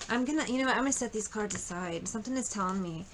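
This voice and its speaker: A woman's voice: medium pitch, rapid-fire, slight background noise. A woman giving a casual tarot reading, chatty and blunt, swearing freely as she tells a story. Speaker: tarot reader.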